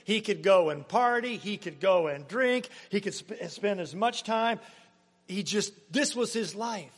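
A man preaching a sermon as pastor, swinging from loud emphasis to hushed, near-whispered lines. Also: high-pitched, animated, measured pace. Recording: long hall reverb.

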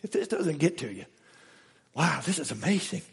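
A man preaching a sermon with dramatic swings between loud exclamations and hushed asides, recorded in an echoey church hall. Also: on the high side, sing-song, normal speed, vocal fry, husky. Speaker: pastor. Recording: echoey hall with long reverb.

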